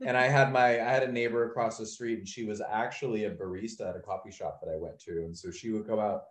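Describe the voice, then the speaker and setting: A young adult man co-hosting a casual podcast, telling stories and acting out quotes with soft, trailing asides. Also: on the low side, steady tone, quick pace. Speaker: podcast host. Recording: echoey room.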